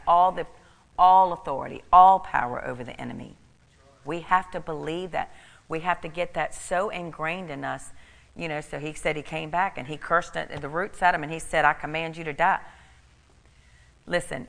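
A woman's voice: low voice, gravelly, fairly bright tone, long reverb tail. A middle-aged woman preaching a sermon, emphatic and repeating key phrases for stress.

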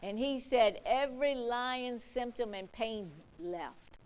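A woman's voice: a little high, slow, darkish tone, clear, resonant tone, low-quality recording. A woman preacher delivering an emphatic sermon, repeating points and quoting scripture. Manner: emphatic, repetitive, quotes scripture.

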